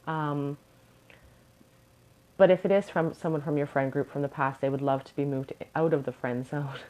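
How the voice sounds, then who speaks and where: A woman with a crackly morning voice giving a casual pick-a-card tarot reading in a soft, musing way. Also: low-pitched. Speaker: tarot reader.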